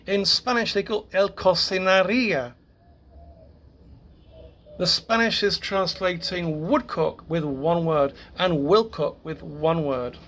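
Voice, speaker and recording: Male language teacher, unhurried classroom delivery, stumbles and restarts, voice a bit higher than most men. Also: fairly bright tone, a little hiss or hum. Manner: halting, repeats words and self-corrects. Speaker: Spanish grammar teacher. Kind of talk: classroom grammar lesson.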